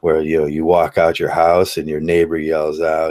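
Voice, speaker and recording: A man talking casually to camera in a rambling, halting way, full of fillers and restarts. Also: very deep voice, monotone, darkish tone. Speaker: channel host.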